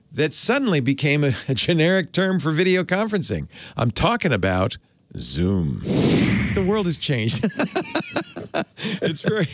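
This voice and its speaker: Animated, wry tech-show host. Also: male voice, mid-range voice, dry recording. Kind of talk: casual panel chat.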